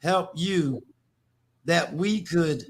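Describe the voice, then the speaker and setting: Over background noise, an older New York livestream host draws out his words in a voice on the high side. He chats casually with viewers, yet sounds emphatic and preachy, often repeating himself word for word.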